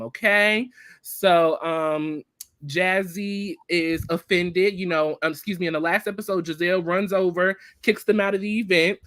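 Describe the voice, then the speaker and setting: A woman co-hosting a casual TV recap chat, retelling scenes in a chatty, animated way with lots of filler words. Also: fairly low pitch, no echo, studio quality. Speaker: podcast co-host.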